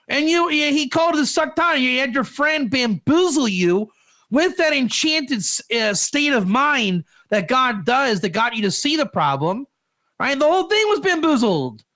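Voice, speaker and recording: A man with a high, bright voice gives an informal Torah class. He rambles from point to point and keeps throwing in rhetorical questions. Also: sing-song, a little slow. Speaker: Torah teacher.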